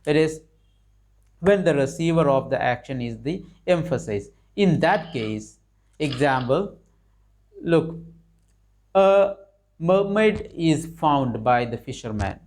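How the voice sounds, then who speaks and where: A man's voice: a little high, expressive, slow pace, pauses often, a little mellow. A man teaching an English grammar lesson, explaining with repetition, restarts and fillers, rising on questions to his learners.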